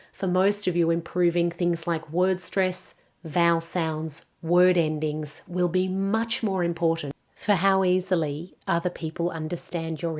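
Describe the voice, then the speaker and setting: A woman teaching English pronunciation, saying each word slowly and carefully for learners to repeat. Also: on the low side, darkish tone. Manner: slow, careful modelling of words. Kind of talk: pronunciation lesson.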